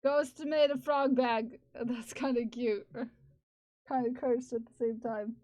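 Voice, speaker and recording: Her voice is a little high, slow and steady, with a somewhat dark tone. While crafting on a live stream, this woman chats easily with her audience, laughs, and mutters to herself. Sound quality is slightly dull, lo-fi stream audio.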